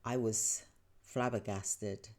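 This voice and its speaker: Slow, rambling man commenting. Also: fairly low pitch, fairly even intonation, darkish tone. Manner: rambling, repeats "for example" and "you know"; halting, with restarts and drawn-out pauses. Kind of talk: casual spoken commentary.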